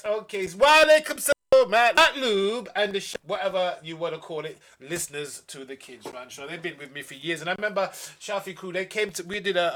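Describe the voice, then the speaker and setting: Guy hosting a kids show live, high pitched, jokey and mock-outraged with his listeners. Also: bright, forceful tone. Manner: playful, teasing, mock-indignant. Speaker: host of a live kids' show. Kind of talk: casual live-stream chat with listeners.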